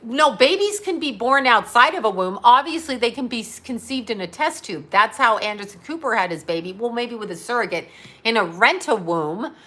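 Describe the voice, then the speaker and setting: A middle-aged woman talks straight to camera in a blunt, foul-mouthed rant that wanders from point to point. She keeps cracking herself up along the way. Her voice sits a little high and rings very bright. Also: lively intonation, a little fast. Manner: crude, rambling, laughing at her own jokes. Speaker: vlogger. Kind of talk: blunt profane monologue.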